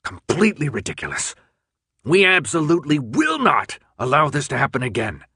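A man's voice: on the high side, huge pitch swings, normal speed, pushed and bright, breathy edge, no echo, pitched above the performer's own voice, full character voice. A man voicing a cold, scheming male official in a dry audiobook read, clipped and commanding. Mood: level.

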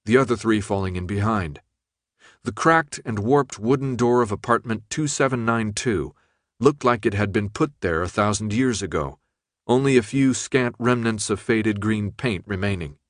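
A man reading a novel aloud as narrator, in a steady, measured manner. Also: lowish voice, no echo, clean studio sound. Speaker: audiobook narrator. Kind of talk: scripted narration.

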